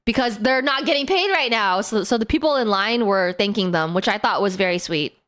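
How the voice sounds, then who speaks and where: A woman streamer in casual live-stream chat who talks in a giggly, animated way and laughs often. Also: mid-range voice, a little fast.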